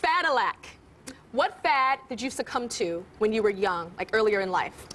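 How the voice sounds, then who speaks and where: A woman hosting a television talk show, animated and teasing, laughing often and joking with her guest. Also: medium pitch, moderate pace. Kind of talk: playful talk show banter. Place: TV studio with live audience. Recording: noisy studio audience.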